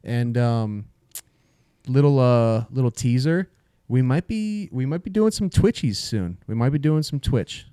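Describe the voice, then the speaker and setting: Smooth-voiced man plugging podcast merch. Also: mid-range voice, animated, unhurried, warm tone, no room sound, clean studio sound. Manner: blunt jokes, filler-heavy plugs. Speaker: podcast co-host. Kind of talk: casual chat.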